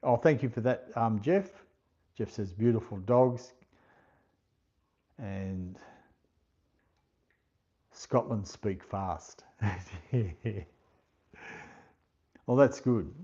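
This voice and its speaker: An Australian livestream host speaks in a fairly low, mellow voice with a breathy edge, chatting slowly and without hurry. He reads viewers' comments aloud and thanks each viewer by name, over dull lo-fi audio.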